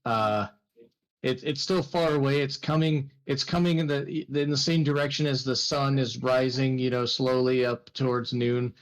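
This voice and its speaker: Man, game master, tabletop narration, rambling restarts, mid-pitched voice. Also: steady tone, normal speed, rough recording.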